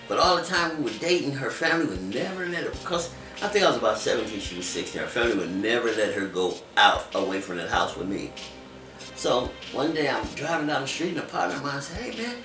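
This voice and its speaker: A man recounts his past in an animated interview, his pitch swinging widely as he acts out the other people in his stories. He is caught from a distance in an echoey room, with loud music playing behind him. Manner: animated, acts out voices in quotes. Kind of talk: candid storytelling interview.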